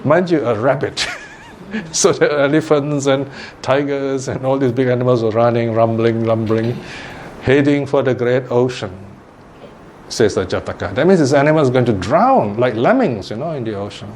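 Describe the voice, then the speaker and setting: Brief: a Buddhist teacher giving a dharma talk, mid-pitched, lively storytelling. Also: male voice, moderate pace, a little hiss or hum. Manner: animated storytelling, laughs often.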